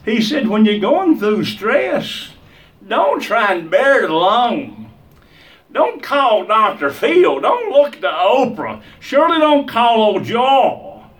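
A man preaches a sermon in a high, unhurried voice, building emphasis through repeated phrases. He sounds a little distant from the microphone. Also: big pitch swings, fairly bright tone. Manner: emphatic, repetitive preaching cadence.

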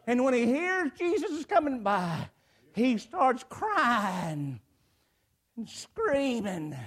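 Before a congregation in church, a man preaches a sermon in an extremely high, sing-song voice at a slow pace. He is emphatic, repeating phrases and building to swelling cries.

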